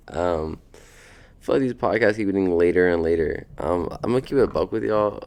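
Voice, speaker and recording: Sleepy low-voiced young man, gravelly. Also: normal speed, a little mellow. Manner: laid-back, slangy, meandering, cursing. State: sleepy, just woken up. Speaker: podcast host. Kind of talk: casual rambling podcast chat. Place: at home, sitting in a beanbag.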